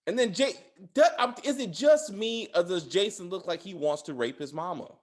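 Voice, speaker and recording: A man hosts a casual spoiler review of a TV episode. His voice sits a little high and swings widely in pitch. He rambles, swears freely and peppers his talk with fillers. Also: moderate pace. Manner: rambling, profane, animated, with frequent "like" fillers. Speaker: show host reviewing TV episodes.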